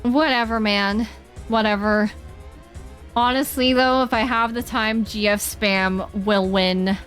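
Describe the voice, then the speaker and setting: A woman's voice: on the high side, fairly even intonation, slow pace, a bit bright. A woman streaming gameplay, reacting with dramatic yelps and groans of frustration. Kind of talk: live gameplay commentary. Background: faint game music.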